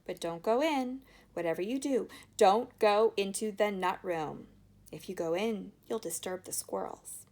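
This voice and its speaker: A woman voicing a brisk, eccentric male chocolate maker who talks quickly and bossily. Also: mid-range voice, darkish tone, natural voice. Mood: eager. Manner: quick, bossy, triumphant.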